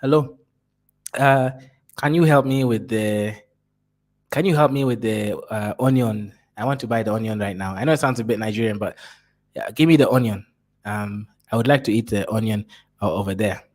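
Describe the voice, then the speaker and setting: A man putting on a Kenyan accent to play a polite shopper at a market, speaking slowly and haltingly. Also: on the low side, darkish tone, pitched below the performer's own voice, close to an everyday voice. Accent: Kenyan (put on).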